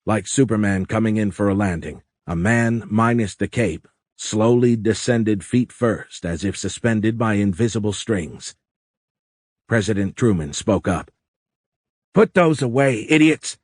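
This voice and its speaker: Male audiobook narrator, low voice, steady delivery, dry close sound. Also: a little slow, no echo. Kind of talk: scripted narration.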